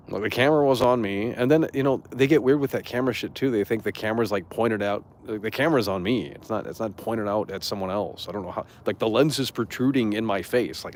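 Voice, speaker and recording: A man's voice: fairly low pitch, slight background noise. A young man streamer ranting to his chat in a rambling, profane, indignant way. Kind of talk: casual rant to chat.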